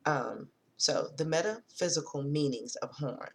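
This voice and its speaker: A woman's voice: low-pitched, expressive. A woman talking casually to viewers in a spiritual vlog, reading from her notes, often drifting off topic and apologizing. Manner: reads notes slowly, rereads long sentences. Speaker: spiritual vlogger.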